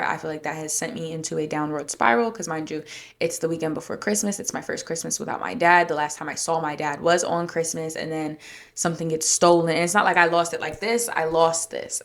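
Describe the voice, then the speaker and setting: A podcast host with a deep, creaky voice talks fast as she casually tells a story. She animates the retelling by acting out what people said in a raised voice.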